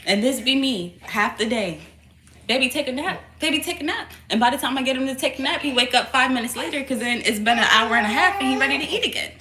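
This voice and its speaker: Young mom vlogger with a lively, up-and-down pitch and a loud, frequent laugh, recorded in an echoey room with a noisy background. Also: female voice, fast talker, few pauses. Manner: laughs loudly and often, swears casually; coos softly to her baby between remarks. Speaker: mother vlogging. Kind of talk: casual chat to camera. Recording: echoey room with steady noise.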